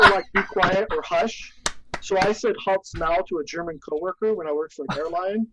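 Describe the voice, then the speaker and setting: A man co-hosting a podcast over a remote call, joking and telling animated stories, recorded on a lo-fi line with noise. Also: high-pitched, a little fast. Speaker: podcast co-host. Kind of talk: casual chat.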